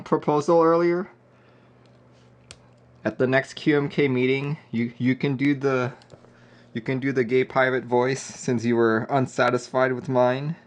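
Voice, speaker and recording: A man live-streaming a keyboard build, chatting casually and joking with viewers. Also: mid-range voice. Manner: laid-back, joking with chat, often laughing.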